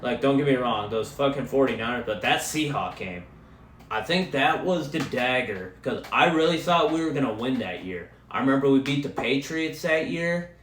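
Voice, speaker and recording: A young man hosting a podcast, ranting casually and profanely as an excitable sports fan. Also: medium pitch, normal speed, echoey room, slight background noise. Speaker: podcast host. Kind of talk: casual solo rant.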